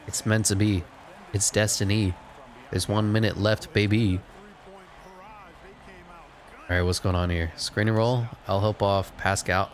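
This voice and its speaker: A man giving casual, sarcastic running commentary while playing a video game, swinging between mocking asides and excited play-by-play. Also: lowish voice, normal speed.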